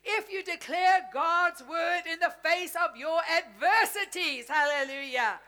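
Bright high-voiced woman preaching a sermon. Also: measured pace. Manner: exuberant preaching, laughing as she exhorts. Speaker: pastor.

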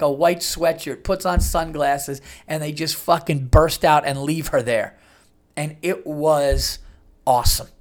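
A man hosting a podcast, telling a long story in a loose, rambling way with lots of fillers and restarts. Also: on the high side. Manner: animated retelling with many fillers and restarts. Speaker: podcast host. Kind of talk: casual storytelling.

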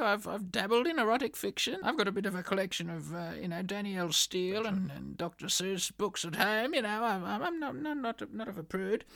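A woman's voice: medium pitch, creaky, fairly bright tone, no echo, clean studio sound. A woman co-hosting a comedy podcast, rambling through stammering asides. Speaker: podcast co-host. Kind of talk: comic banter.

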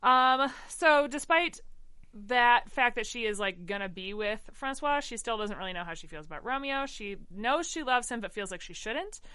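A chatty woman with a bright, crisp voice talks through a show she loves, full of fillers and asides. Her voice sits a touch high and sounds dry and close. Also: animated, normal speed, no room sound. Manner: chatty, enthusiastic, lots of fillers. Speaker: podcast co-host. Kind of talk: casual chat recapping a musical.

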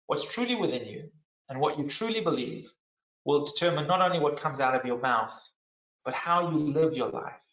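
A pastor with a high, bright voice preaches a sermon at normal speed, his intonation lively. Earnest and emphatic, he repeats and restarts phrases to drive his point home, and the sound is roomy and a little dull.

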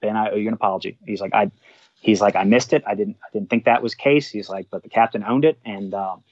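A man's voice: on the low side, fast talker, no echo, highs cut off. A man, a fire department supervisor, telling a work story in a casual way and acting out the quoted dialogue. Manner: animated, acts out quoted dialogue.

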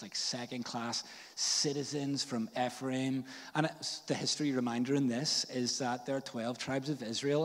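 A man's voice: mid-range voice, in a large hall. A man from Northern Ireland with a Northern Irish accent, preaching a sermon in a casual, jokey storytelling way with slang and fillers. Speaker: pastor. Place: church.

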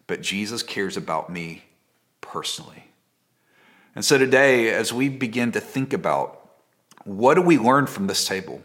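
A man preaching a sermon as a pastor, telling the story in a conversational, dramatic way and dropping to a hush at key moments. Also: on the low side. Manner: conversational and dramatic, with repeated phrases.

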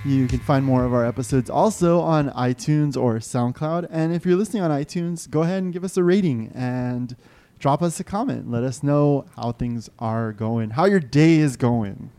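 A man's voice: medium pitch, normal speed, mellow. A man co-hosting a casual podcast, upbeat as he reads out the show's plugs. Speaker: podcast co-host. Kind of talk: casual chat.

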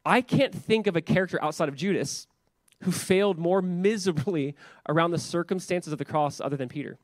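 A man's voice: on the high side, fairly quick, no echo, clean studio sound. A man in his thirties preaching a church sermon in a casual, conversational way, often saying "like" and repeating words. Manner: conversational, repeats words, many filler 'like's. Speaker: pastor.

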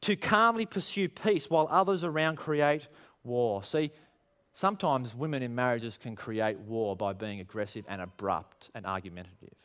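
A man preaching a sermon, animated and full of rhetorical questions, acting out quoted voices. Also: medium pitch, moderate pace. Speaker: pastor.

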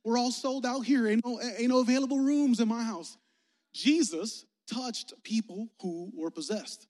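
A man preaching a lively, joking youth sermon in slangy talk, acting out little voices as he tells stories. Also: very high-pitched, normal speed. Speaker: youth pastor. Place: church sanctuary. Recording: long reverb of a church sanctuary.

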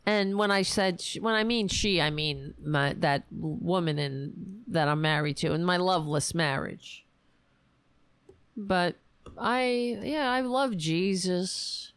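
A woman hosting a ranting political commentary show, sarcastic and exasperated, and her voice is going hoarse. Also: lowish voice, slow pace, dry recording. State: losing her voice.

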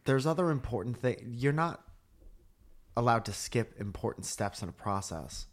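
A man's voice: mid-range voice, animated, moderate pace. Teasing man in casual banter. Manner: teasing, playfully interrupting. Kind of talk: casual chat.

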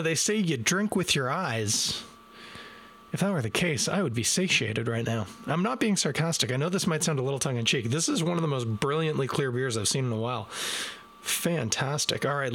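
A man's voice: mid-range voice, a bit bright. A man reviewing a beer live from his desk in a casual, self-deprecating way, talking straight to his viewers. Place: home desk. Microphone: desk microphone.

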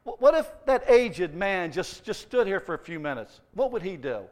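A middle-aged man preaching a sermon as pastor, telling stories with humour and lively emphasis. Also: sits high, moderate pace. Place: church.

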